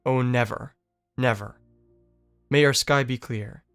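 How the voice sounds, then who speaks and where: A man's voice: medium pitch, steady tone, slow, a bit bright, clean tone, soft background music. A man reading as a lovesick, lonely young male dreamer, with an earnest, wistful literary delivery. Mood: tender. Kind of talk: dramatic reading of a novel.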